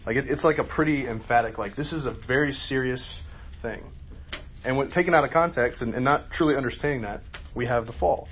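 A man's voice: mid-range voice, brisk. Man, Bible study leader, conversational questioning, faint background hum, muffled sound. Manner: asks questions, conversational, emphatic. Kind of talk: group Bible lesson.

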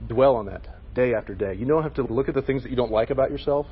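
Fast-talking husky man leading a youth lesson. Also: medium pitch, lo-fi sound. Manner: conversational, frequent "okay?" check-ins. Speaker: youth group leader. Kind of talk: casual Bible lesson to a group.

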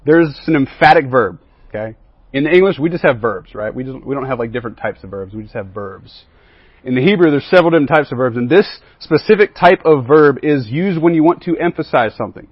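A man with a husky, breathy voice teaches a Bible lesson to a group, often checking in with "right?" along the way. The sound is dry and close, with no room echo, but a little dull and muffled. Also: medium pitch. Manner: keeps asking the group questions and checking in with "right?" and "okay?".

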